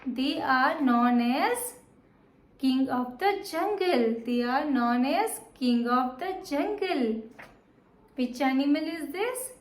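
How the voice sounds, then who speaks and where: Slow, high-voiced woman teaching children. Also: expressive, roomy sound. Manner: slow, repetitive, asks and answers questions. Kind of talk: children's lesson.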